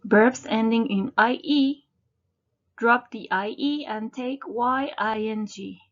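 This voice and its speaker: A woman slowly and deliberately narrating a scripted English grammar lesson, spelling out word endings letter by letter. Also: on the high side, a bit bright, dull audio. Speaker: English teacher.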